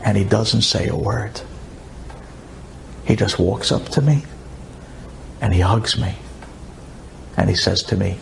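A man telling a personal story in an emotional sermon, dropping to near whispers and then rising high. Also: steady tone, slow, gravelly, long pauses, a little hiss or hum. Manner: dramatic swings from hushed to soaring. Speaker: religious speaker.

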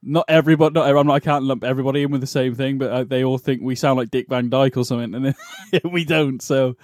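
A man's voice: medium pitch, steady tone, fast, a little mellow. A British man co-hosting a casual podcast, laughing often and hedging with many ums. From United Kingdom. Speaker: podcast co-host. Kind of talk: casual chat.

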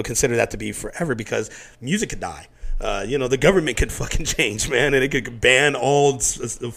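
A middle-aged man talks quickly in a loose, casual chat, jumping into other people's voices as he tells stories. His voice has a gravelly, fry-heavy texture, and he swears freely. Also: mid-range voice. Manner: animated storyteller who acts out quotes, swears freely. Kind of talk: casual conversation.

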